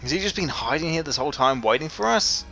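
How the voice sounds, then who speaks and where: A man's voice: fairly high pitch, lively intonation, fast talker, creaky, bright, forceful tone. Guy rambling through a let's play, wry and chuckly, muffled lo-fi audio with game music under it. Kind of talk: casual gameplay commentary. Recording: dull lo-fi sound with game music.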